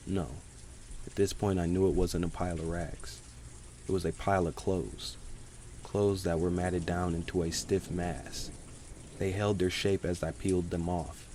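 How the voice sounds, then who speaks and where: A man reading a horror story aloud as scripted narration, measured and grave. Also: deep voice, a little mellow, slight background noise. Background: rain sounds.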